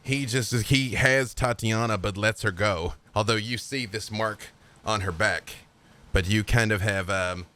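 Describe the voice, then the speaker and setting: Slow-talking man narrating as game master. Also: on the low side, sharp tone. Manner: slow, laid-back narration with fillers.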